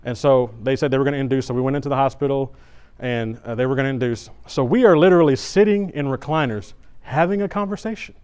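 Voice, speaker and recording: A man's voice: medium pitch, quick pace, hardly any pauses, smooth. Middle-aged man preaching a story. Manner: conversational, animated storytelling with restarts. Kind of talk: sermon with personal story. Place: church service.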